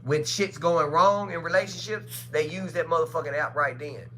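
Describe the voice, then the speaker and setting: A woman's voice: low voice, normal speed, a bit bright, a little hiss or hum. A woman chatting casually on a livestream, telling blunt, profane stories and acting out the voices of people she quotes. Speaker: livestream co-host. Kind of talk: casual chat.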